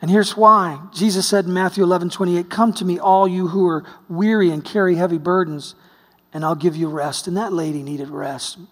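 A man from the United States preaching a sermon, telling a story, swinging between hushed and exclaiming. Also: high-pitched, steady tone, normal speed. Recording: long hall reverb.

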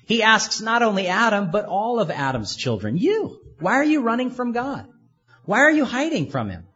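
A man's voice: high voice, wildly swooping pitch, moderate pace, pushed and bright, breathy edge, muffled recording, faint music behind. A man preaching a sermon in an earnest way, asking his listeners many rhetorical questions.

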